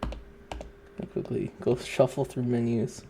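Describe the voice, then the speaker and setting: A man's voice: mid-range voice, fairly even intonation, slow pace, gravelly, warm tone, a little hiss or hum. A young man casually chatting while streaming a courtroom game, rambling and laughing often.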